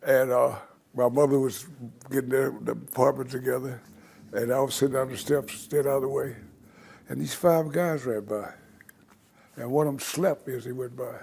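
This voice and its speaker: A man's voice: mid-range voice, steady tone, moderate pace, gravelly, darkish tone, husky. An older man, a guest in an interview, telling long, rambling stories from his life and acting out the voices of the people in them. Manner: rambling anecdotal storyteller who acts out quoted voices. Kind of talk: storytelling in an interview.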